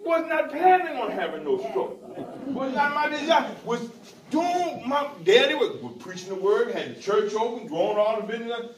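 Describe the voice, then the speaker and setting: A man with a very high voice preaches in a church sanctuary. He leans on a steady hallelujah refrain and builds into shouts. He is picked up from a distance with a roomy echo, and a congregation can be heard around him. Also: moderate pace, some chatter behind. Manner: Southern preacher cadence, repeats hallelujah, rising to shouts. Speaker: bishop preaching. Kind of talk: sermon. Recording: echoey church from far off with congregation.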